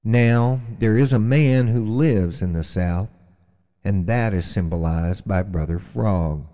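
A man narrates an animal tale slowly, in a deep and measured voice. His tone is mellow and reflective. A long hall reverb lingers behind him. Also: highs cut off. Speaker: storyteller. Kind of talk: storytelling narration.

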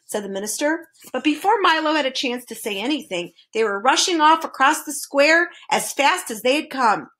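A woman reading a children's chapter book aloud, with expressive narration. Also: fairly high pitch, moderate pace, hardly any pauses. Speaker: reader. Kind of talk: storybook read-aloud.

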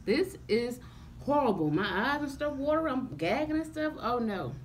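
A woman's voice: high voice, sing-song, normal speed, slight background noise. A young woman vlogging casually to camera, groaning and gagging with exaggerated disgust. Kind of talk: casual vlog chat to camera.

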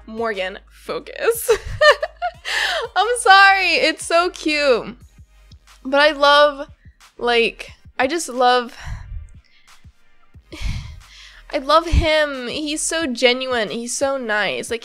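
A high-voiced woman reads a comic aloud in a slow, unhurried way, breaking off to gush and giggle about the characters. Her voice is bright and bounces all over the place, and she rambles happily with plenty of fillers. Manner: bubbly, giggly and gushing. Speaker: YouTuber reading a comic. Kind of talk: comic reading with casual reactions.

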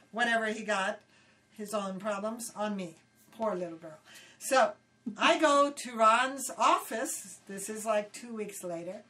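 An older woman from Hawaii, casually telling animated stories in an interview and acting out quoted voices. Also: on the high side. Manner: animated, acts out quotes loudly, laughs often. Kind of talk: casual storytelling. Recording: voice somewhat distant from the mic.

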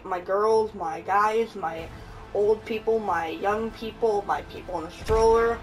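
A woman's voice: medium pitch, unhurried, distant mic, soft background music, poor audio. A young woman giving casual gameplay commentary, laughing often and swearing at her own plays. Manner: giggly, laughs often, swears while playing. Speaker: gaming channel host.

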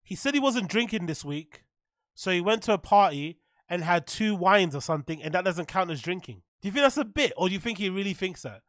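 High, bright-voiced man streaming. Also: a little fast, dry recording, clean studio sound. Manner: animated, swearing, loud shout-outs. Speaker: streamer reacting to clips. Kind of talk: casual live-stream reaction.

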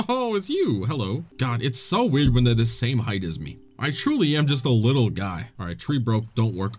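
A man giving excitable, jokey commentary while playing a video game, laughing often. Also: medium pitch, a little fast, faint music behind. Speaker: gaming video host. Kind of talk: let's play commentary.

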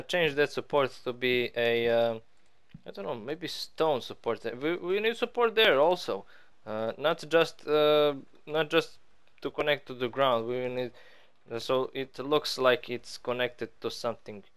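Slow, smooth-voiced man playing a game. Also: medium pitch, animated. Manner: rambling, playful, self-mocking. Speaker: gaming channel host. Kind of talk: casual let's-play commentary.

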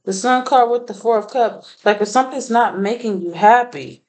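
A woman's voice: fairly high pitch, moderate pace, a little mellow, low-quality recording. A woman doing a casual tarot reading, blunt and profane, laughing often. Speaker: tarot reader.

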